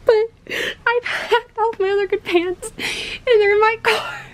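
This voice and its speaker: College-age woman vlogger, chatty and rambling, high voice. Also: steady tone, measured pace. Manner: rambling, chatty, laughs when embarrassed. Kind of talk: casual vlog.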